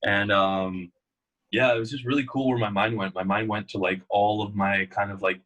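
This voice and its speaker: In what sounds like a relaxed interview, a young man speaking as a guest spins long, meandering stories in a husky, low voice, filling them with "uh" and "like." His pace is moderate and the recording quality low.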